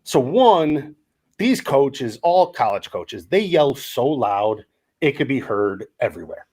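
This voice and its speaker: A man's voice: medium pitch, slow, husky. Middle-aged man, podcast co-host, casual storytelling, acts out quotes. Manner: animated storyteller acting out quotes.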